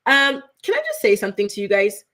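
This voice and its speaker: A woman in her thirties hosting a casual gossip show. She talks to her viewers in a chatty, animated way, keeps asking "right?", and slips into mock voices when quoting people. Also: medium pitch, fast talker. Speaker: host.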